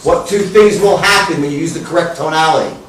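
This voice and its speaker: A high-voiced man teaches a room of salespeople, blunt and swearing freely, sometimes shouting out exaggerated sample lines. He stands well back from the mic, and his voice bounces around a very echoey room. A faint hum of room noise sits underneath. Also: quick pace, distant mic. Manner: blunt, profane, swings into loud exaggerated demonstrations. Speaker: sales trainer. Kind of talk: live sales training talk.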